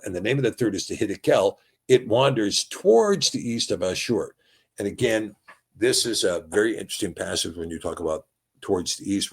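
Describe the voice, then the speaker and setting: A man's voice: low voice, slightly rough. A man giving verse-by-verse scripture commentary, reading passages aloud and then explaining them, often restarting and correcting himself. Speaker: Bible teacher.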